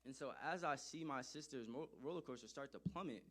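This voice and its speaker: Man, storytelling address, mid-range voice, animated, emphatic, repeats phrases for effect. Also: mid-range voice, a little fast. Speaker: speaker telling a personal story.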